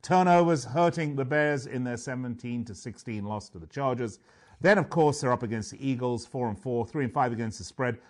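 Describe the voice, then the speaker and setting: A man's voice: medium pitch, brisk, a little mellow. A man hosting a sports betting radio show, chatting and joking, sometimes tripping over names.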